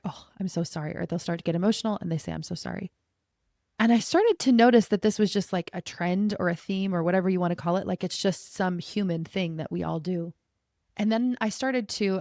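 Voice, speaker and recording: Gravelly low-voiced woman podcast host. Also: warm tone, no echo, clean studio sound. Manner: casual, reflective, conversational with frequent "like". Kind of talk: solo podcast talk.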